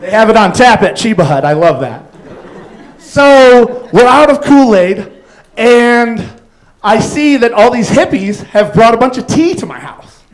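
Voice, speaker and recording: A man's voice: very high voice, sing-song, measured pace, low-quality recording. A man doing a stand-up set on a club stage, telling rambling stories full of fillers and acted-out quotes. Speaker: stand-up comedian.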